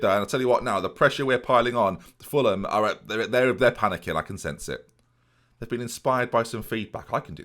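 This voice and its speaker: A man's voice: mid-range voice, fairly bright tone. A man commentating a football management video game play-by-play, addressing viewers with jokey asides.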